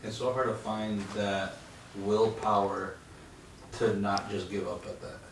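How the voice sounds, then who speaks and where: A man's voice: fairly low pitch, flat delivery, a little slow. A man speaking on a panel, blunt and casual, swearing now and then. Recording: echoey room with faint noise.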